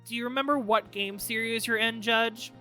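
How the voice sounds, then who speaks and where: A woman streamer giving animated, sarcastic commentary on a game and laughing often. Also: fairly high pitch, moderate pace, faint music behind.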